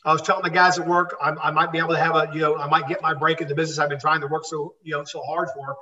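Fast-talking high-voiced older man. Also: flat delivery, bright, forceful tone, echoey room. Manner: rambling anecdotes with many restarts. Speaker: interview guest, former wrestler. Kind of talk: storytelling in a live interview. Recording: distant dull lo-fi sound.

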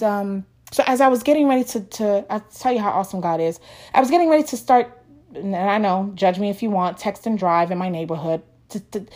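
A woman's voice: fairly high pitch, darkish tone. A woman telling a personal faith testimony in a casual, earnest way, full of restarts and close to tears. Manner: emotional, earnest, with many restarts.

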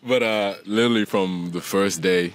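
A young man guest on a podcast, talking in a relaxed, joking, slangy way. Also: low voice, moderate pace, a crowd in the background. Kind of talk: casual chat.

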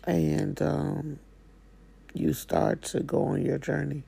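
Slow-talking woman with a real husky rough voice, folksy slang, chatting from her living room. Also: low-pitched, monotone, warm tone. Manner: folksy, drawling, slangy Southern-style speech. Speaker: spiritual coach. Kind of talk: casual motivational talk.

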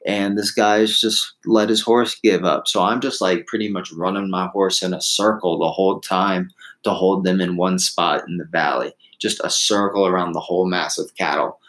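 Man, low voice, casual rambling storyteller who acts out the people he quotes. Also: steady tone, normal speed, fairly bright tone, poor audio. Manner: rambling, restarts, laughs at himself, acts out quotes.

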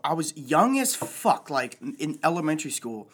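A young man in casual chat, telling stories in an animated way and swearing often. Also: on the high side, moderate pace. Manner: animated storyteller, swears a lot.

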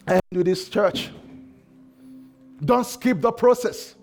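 A male pastor preaches an impassioned sermon in a notably high, gravelly voice at a slow pace. He swings between shouted cries and hushed, quiet lines, with soft music playing faintly underneath.

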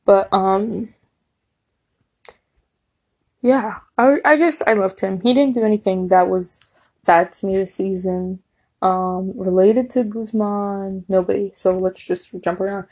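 A young woman with a warm, mellow voice talks through a TV season in a relaxed vlog. She is animated and gushing, and she quotes characters without changing her voice. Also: mid-range voice, slow pace. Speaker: TV show reviewer. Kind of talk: casual chatty review.

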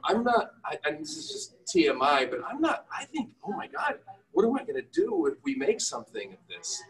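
A man's voice: on the high side, far from the mic, low-quality recording. A middle-aged man, an entrepreneur and father, telling candid, self-deprecating stories and quoting himself. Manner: animated, self-deprecating, quotes himself in raised voices. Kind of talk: candid storytelling in a conversation.

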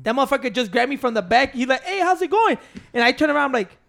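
A man's voice: extremely high pitch, very fast, gravelly, a bit bright. A man telling stories in a casual chat, slangy, profane and joking. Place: Chicago.

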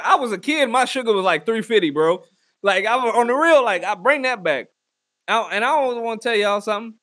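A man's voice: sits high, lively intonation, normal speed, a bit bright, no echo. A man on a crude comedic rant, bluntly giving mock advice to his listeners. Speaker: comedic ranter.

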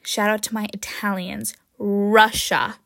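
A woman hosting her own podcast in a casual, jokey chat, often tagging "right?" and "um", with sudden excited jumps in pitch and loudness. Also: takes it slowly, creaky, no echo, clean studio sound. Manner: chatty and jokey, with frequent "right?" and "um". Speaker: podcast host.

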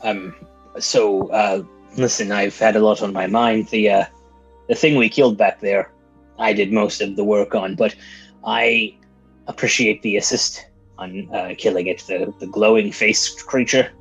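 Husky, gravelly-voiced hesitant man. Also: on the low side, steady tone, highs cut off, faint music behind. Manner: halting, hesitant. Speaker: player. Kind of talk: playing a character in a tabletop game.

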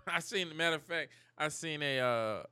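A man's voice: a little high, unhurried, bright, forceful tone, clean tone, dry recording, studio quality. A man co-hosting a podcast, chatting casually in loose, profane banter and laughing often. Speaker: podcast co-host. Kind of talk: casual chat.

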